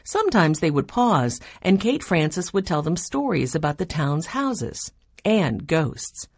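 A woman reads a children's chapter book aloud in an even, storytelling way. Her voice sits low. The recording is close and dry. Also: a little slow, breathy edge, no echo. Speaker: audiobook narrator. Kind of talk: children's audiobook narration.

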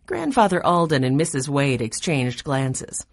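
A woman reads a children's chapter book aloud in an even, storytelling way. Her voice sits low. The recording is close and dry. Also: unhurried, no room sound. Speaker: audiobook narrator. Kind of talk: children's audiobook narration.

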